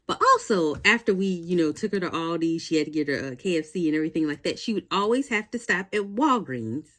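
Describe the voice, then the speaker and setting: A woman in her forties telling a casual, rambling story to her vlog audience, full of fillers and asides. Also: low-pitched. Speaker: vlogger.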